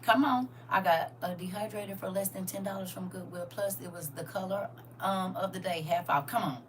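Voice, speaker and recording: A woman hosting a casual live stream, teasing viewers by name and swinging between loud exclamations and hushed asides. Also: mid-range voice, brisk, recorded from a distance, slight background noise. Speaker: livestream host.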